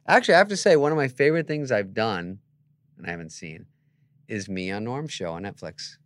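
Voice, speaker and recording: A man who is a guest comedian, telling animated stories in a podcast interview and jumping into quoted voices. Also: fairly low pitch, a little fast, no room sound.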